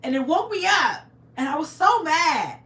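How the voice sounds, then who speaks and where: A woman on a live stream, spinning a dramatic story with lots of swings in pitch and a bright voice. She acts out screams and sound effects and stops to answer her chat. The room around her sounds echoey. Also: normal speed. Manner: animated, dramatic, reads viewer comments aloud. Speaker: livestream host.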